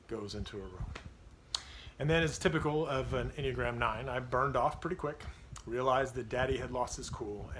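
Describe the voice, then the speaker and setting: A man's voice: medium pitch, fairly bright tone, slight background noise. A man in his thirties, a pastor giving a devotional talk on parenting, telling a personal story in an earnest, confessional way.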